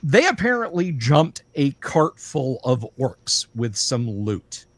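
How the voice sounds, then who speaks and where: A man's voice: mid-range voice, slow pace, dry recording. Rambling man running a tabletop game. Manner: relaxed, rambling, many ums and uhs. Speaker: game master.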